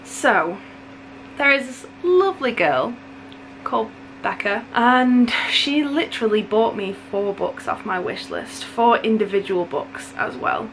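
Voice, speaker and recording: A woman's voice: a little high, a little hiss or hum, low-quality recording. Gushing young woman book vlogger. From United Kingdom. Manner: gushing and excitable, quick asides. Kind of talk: casual chat.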